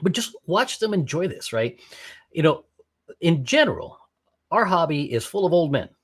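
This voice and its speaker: A man's voice: fairly high pitch, very animated, normal speed, slightly rough. A man being interviewed as a guest, talking in a casual, enthusiastic and rambling way, often breaking off and asking "right?". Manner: enthusiastic, rambling, with many restarts and "right?" tags. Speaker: podcast guest, skydiver and ham radio operator.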